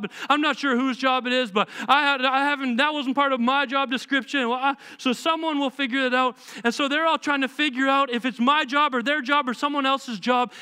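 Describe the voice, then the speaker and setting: A male pastor preaching a sermon in a church, emphatic and animated, firing off rhetorical questions. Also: extremely high pitch, clean tone. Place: church sanctuary.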